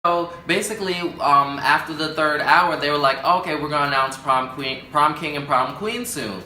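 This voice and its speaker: A young man tells a story to his camera with lots of drama, acting out the voices of the people in it and swinging his pitch up and down. His voice sits fairly high and sounds bright. The room around him is echoey. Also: normal speed, slight background noise. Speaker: vlogger. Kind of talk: storytime vlog.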